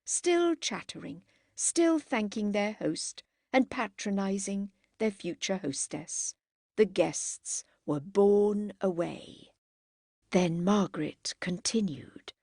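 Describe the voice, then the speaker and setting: A woman narrating a classic novel as an audiobook in a measured, expressive way. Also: medium pitch, dry recording, clean studio sound. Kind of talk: scripted narration.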